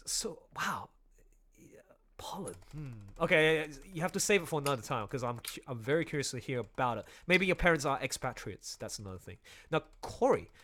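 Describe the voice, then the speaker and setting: A man hosting a casual group voice chat, animated and laughing often. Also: medium pitch, fast, hardly any pauses. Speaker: server host and game master.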